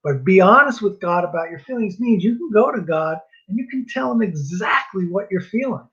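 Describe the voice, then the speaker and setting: A man's voice: sits high, expressive, fairly quick, a bit bright, husky. A man from New Jersey teaching a marriage class in a casual, earnest way, repeating himself and making self-deprecating asides. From New Jersey, US East Coast. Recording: dull lo-fi recording.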